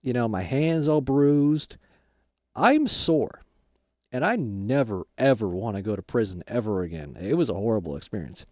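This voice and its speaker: A man playing a goofy, excitable dad just out of prison in a Minecraft role-play, rambling on. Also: lowish voice, moderate pace, dry recording, clean studio sound. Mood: excited.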